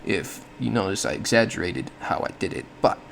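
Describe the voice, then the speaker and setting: A man's voice: low-pitched, animated, fairly quick, creaky, a little hiss or hum. A man giving a casual explanatory monologue, thinking aloud with frequent self-corrections and small laughs. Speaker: solo podcast host.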